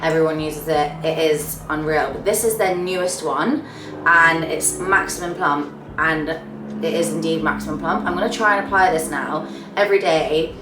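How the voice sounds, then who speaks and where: Gushing over her monthly favourites, a young female beauty vlogger chats casually to camera in a low-pitched voice at normal speed, letting her phrases trail off. The mic is distant and the background noisy, with a roomy, slightly off-mic sound and faint music.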